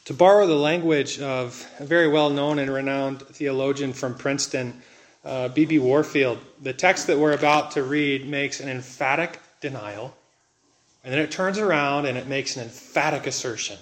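A man preaching a sermon as a pastor, earnest and slowing down to stress key words. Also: mid-range voice.

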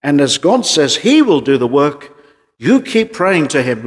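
A man preaching a sermon in an earnest voice, pressing his points with rhetorical questions and swinging between loud emphasis and quieter passages. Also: a little high, big pitch swings, a little slow, long reverb tail.

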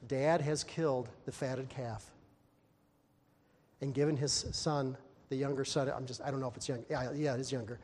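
A man preaching a sermon, telling a story with animated voices for the characters. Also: mid-range voice, moderate pace, long reverb tail, slight background noise.

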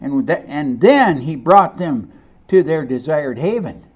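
A man preaching with a high, lively voice that rises and falls widely. He takes his time and swings from quiet, hushed lines to emphatic ones, and he keeps putting questions to the congregation. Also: a little slow, dull audio. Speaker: pastor. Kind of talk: sermon.

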